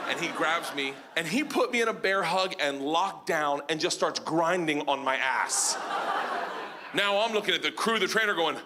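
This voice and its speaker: A man tells a rowdy stand-up story on a club stage, his voice sitting high and climbing into shouts whenever the punchline comes. He speaks into a handheld mic, and the noise of the live audience is clearly heard around him. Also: moderate pace. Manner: loud, animated, voice jumps high and shouts on punchlines. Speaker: stand-up comedian. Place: comedy club stage before a laughing audience.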